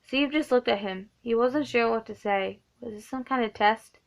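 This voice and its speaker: A woman's voice: fairly high pitch, moderate pace, gravelly, lo-fi sound. A woman reading a novelization aloud, often stumbling and correcting herself. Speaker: reader of a book.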